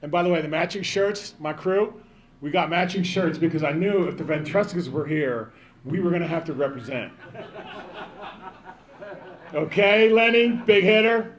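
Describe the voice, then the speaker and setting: A man's voice: a little high, moderate pace, long pauses. A man in his fifties giving a rambling, joking banquet speech, calling out to people in the crowd. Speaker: banquet speaker.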